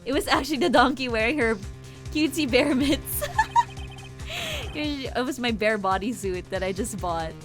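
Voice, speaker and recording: A woman's voice: on the high side, moderate pace, long pauses. A woman streamer giving casual commentary while playing, full of joking, playful asides. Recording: game music behind the voice.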